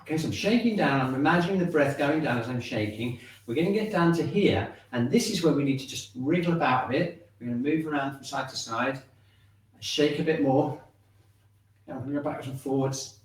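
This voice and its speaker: A man teaching a shiatsu and qigong class, giving calm, encouraging step-by-step instructions. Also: a little high, a little fast, recorded from a distance. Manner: calm, encouraging instructions, often checking in with "okay". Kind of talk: guiding an online movement class. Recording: very echoey room, voice off-mic.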